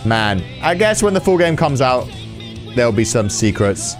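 A man hosting a gaming video, giving excitable let's-play commentary, swearing and yelling in reaction. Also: medium pitch, normal speed, faint music behind.

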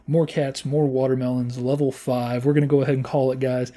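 A man hosting a gaming channel, giving playful, casual commentary as he plays and squealing high when things go wrong. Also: fairly even intonation, normal speed, warm tone, soft background music. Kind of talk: casual let's-play commentary.

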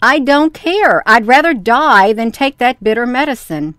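A woman's voice: a little high, expressive, measured pace, no echo, studio quality. A woman voicing a whining, stubborn wooden puppet boy in a storybook reading. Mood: wailing. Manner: whining, wailing protests.

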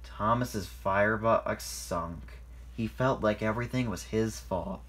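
Man reading his own story, husky. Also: on the low side, slow, a bit bright. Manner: informal reading with slips.

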